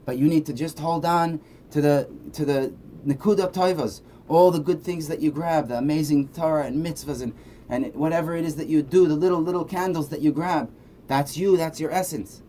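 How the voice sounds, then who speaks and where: A man's voice: fairly high pitch, normal speed, warm tone. A man giving a casual Torah lesson, speaking conversationally and often checking in with "right?". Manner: conversational, frequent "right?" asides. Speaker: Torah teacher. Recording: faint background noise.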